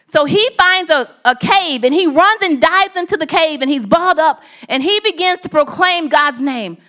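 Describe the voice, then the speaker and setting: A woman's voice: high voice, expressive, moderate pace, fairly bright tone. A woman preaching a sermon in a conversational, storytelling manner, building points through repeated phrases.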